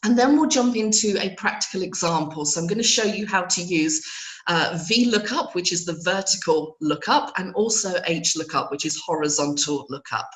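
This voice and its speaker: A woman with a fairly low voice runs a live training webinar, hoarse and congested from a cold. She talks in a chatty, friendly way and laughs at herself. Her voice rings in an echoey room. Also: animated, moderate pace, fairly bright tone.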